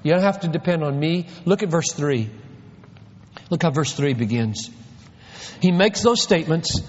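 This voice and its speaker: High-voiced guy preaching a sermon, full of rhetorical questions, voice jumps all over, echoey church hall. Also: expressive, normal speed. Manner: emphatic, rhetorical questions, swings from quiet to loud. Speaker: pastor. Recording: dull lo-fi recording in a reverberant hall.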